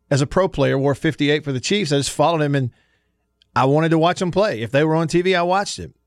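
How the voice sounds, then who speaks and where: A man's voice: a little high, no room sound, clean studio sound. A man in his forties from Alabama with a Southern accent, hosting a sports radio show and telling stories in a chatty way, laughing often. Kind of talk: casual sports radio talk.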